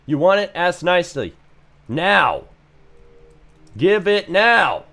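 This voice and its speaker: A man's voice: high voice, big pitch swings, slow, vocal fry, bright, forceful tone, pitched above the performer's own voice, exaggerated voice. A man putting on a bossy female AI shopkeeper. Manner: commanding, condescending. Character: bossy female AI shop NPC.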